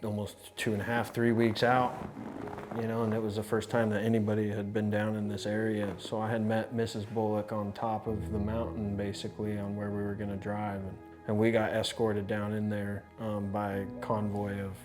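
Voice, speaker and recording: A low-voiced man recounts his experience for a documentary, talking in a loose, conversational way full of restarts and asides. Music plays clearly underneath him. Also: normal speed. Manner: conversational, animated, with many restarts. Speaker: insurance adjuster. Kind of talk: documentary storytelling.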